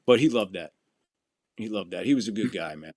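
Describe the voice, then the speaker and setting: Animated, profane man telling stories. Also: lowish voice, brisk, no room sound, studio quality. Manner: profane, animated storyteller acting out quotes. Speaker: podcast host. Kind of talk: casual storytelling chat.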